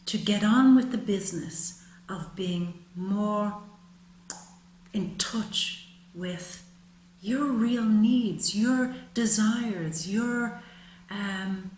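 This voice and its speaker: A woman doing a tarot reading to camera, emphatic and soothing, calling the listener "baby" and "my love", sometimes dropping to a soft whisper. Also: medium pitch, extremely slow. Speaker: tarot reader. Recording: roomy with faint ambient noise.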